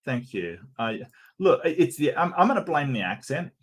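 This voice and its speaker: A man's voice: on the high side, big pitch swings, normal speed, husky. A man with an Australian accent hosting a casual livestream, chatting and joking with viewers and often stammering and restarting. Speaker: streamer host.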